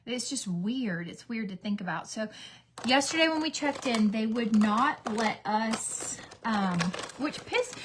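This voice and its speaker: A woman's voice: fairly high pitch, sing-song, slow, background noise. Chatty woman telling a story. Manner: chatty storytelling with many fillers. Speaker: beauty vlogger, mother. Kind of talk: casual get-ready-with-me chat.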